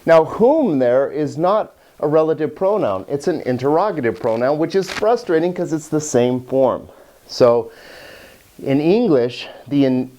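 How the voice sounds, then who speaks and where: The Greek teacher, a man with a warm, medium-pitched voice, teaches grammar while holding a cat. His explanations are patient, and he tends to repeat words as he starts his sentences over.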